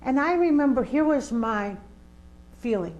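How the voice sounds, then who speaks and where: A woman's voice: high-pitched, lively intonation, unhurried, a little mellow, dull audio. An older woman, a community organizer, telling a personal story in an interview with vivid, emphatic delivery. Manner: vivid, emphatic storyteller who acts out scenes.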